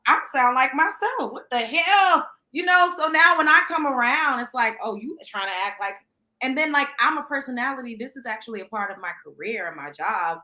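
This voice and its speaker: Young female host, bright tone, lively and loose, swears freely, laughs a lot. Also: high voice, a little fast, rough recording. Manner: animated, laughs often, swears casually. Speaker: podcast host. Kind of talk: casual chat.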